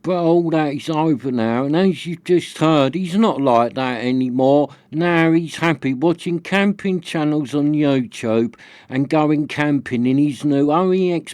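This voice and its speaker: A man's voice: a little high, a little mellow, no echo. A man vlogging outdoors at a show, chatting casually and joking as if on a phone call. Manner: jokey, teasing mock phone-call banter. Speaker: camping vlogger. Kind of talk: casual vlog chat. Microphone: handheld camera.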